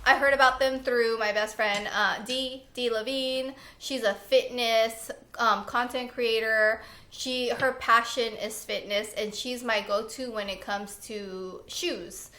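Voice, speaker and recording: Young woman vlogger, bright and a bit high, excitable and chatty, echoey room. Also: slow, few pauses. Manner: chatty and excitable, laughs often. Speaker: lifestyle vlogger. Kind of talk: casual favorites chat.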